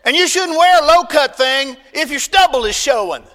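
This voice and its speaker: A man preaching a sermon as pastor, folksy and emphatic, swinging between loud bursts and quiet asides. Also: very high-pitched, animated, moderate pace, long reverb tail.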